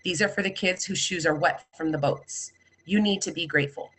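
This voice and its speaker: A woman's voice: on the low side, a little fast, fairly bright tone, breathy edge, rough recording. A woman quoting a curt, scolding volunteer woman. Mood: stern. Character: stern foreign aid volunteer woman, scolding.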